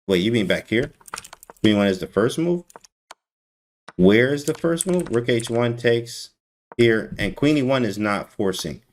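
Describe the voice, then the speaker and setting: A man giving casual, teasing chess commentary on a live stream and talking to his chat. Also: fairly low pitch. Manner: animated, teasing, talks to chat.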